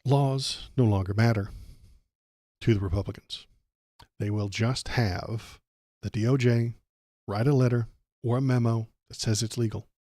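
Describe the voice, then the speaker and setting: A man's voice: medium pitch, fairly even intonation, unhurried, pauses often, warm tone, dry recording, clean studio sound. A man hosting a political livestream, ranting sarcastically and tripping over his words. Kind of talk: casual political commentary.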